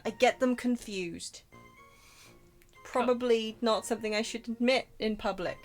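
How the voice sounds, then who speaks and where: A woman's voice: on the high side, measured pace, soft background music. Giggly English woman streaming a game. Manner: giggly, swears, self-mocking. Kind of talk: casual game-stream chat.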